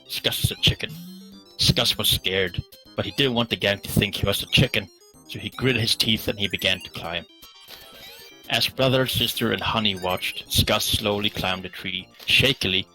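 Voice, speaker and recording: Low, bright-voiced man reading aloud. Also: moderate pace, faint music behind, rough recording. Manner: reads aloud with small slips and restarts. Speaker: speedrun commentator reading a storybook. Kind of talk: reading a children's book aloud.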